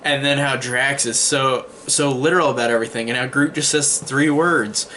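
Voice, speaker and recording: A man talks through a movie review in a loose, rambling way, often restarting his sentences and leaning on fillers. His voice has a bright, forward edge, with a faint hiss of noise underneath. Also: mid-range voice, fairly even intonation, moderate pace. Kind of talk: casual spoken movie review.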